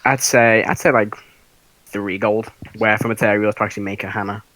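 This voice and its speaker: A man's voice: fairly low pitch, steady tone, fairly quick, a bit bright, poor audio. A man narrating as game master for a tabletop game, casual and hesitant with many fillers. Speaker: dungeon master.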